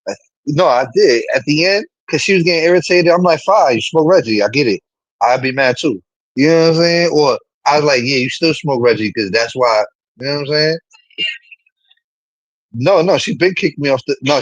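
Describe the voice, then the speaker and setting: Husky New man ranting on a stream. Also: medium pitch, no echo, dull audio. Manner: animated, rambling, swears often. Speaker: live streamer. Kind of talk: casual chat to a live stream audience.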